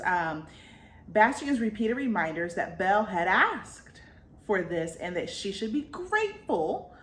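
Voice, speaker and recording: A woman's voice: mid-range voice, roomy sound. A woman vlogger recapping a book in a chatty, slangy way, full of fillers.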